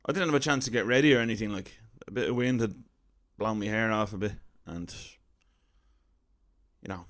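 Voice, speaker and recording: A man in his thirties with an Irish accent tells a comic story, wry, self-deprecating, and conversational in manner. His voice is lowish and his pace brisk, in keeping with his role as a comedian storyteller.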